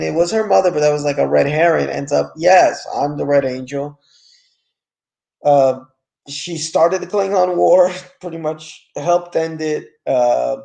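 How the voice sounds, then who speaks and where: A man's voice: fairly high pitch, vocal fry, darkish tone. A man giving a casual, frank, rambling review of a TV series episode.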